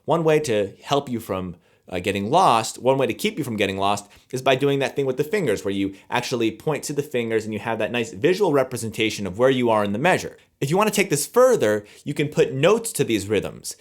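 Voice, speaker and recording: A man teaching music to camera, explaining rhythm in a relaxed, conversational way and scat-singing the beats as he counts. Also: mid-range voice, fairly quick.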